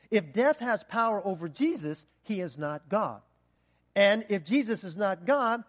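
A man preaching a sermon with passion, rising to loud peaks and sinking to a hushed, earnest tone. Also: high voice.

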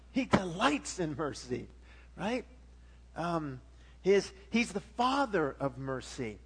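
Middle-aged guy preaching, really high voice for a man, slow and emphatic, keeps restarting lines. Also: husky. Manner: emphatic preaching, frequent restarts, swells in volume. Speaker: pastor. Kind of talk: sermon.

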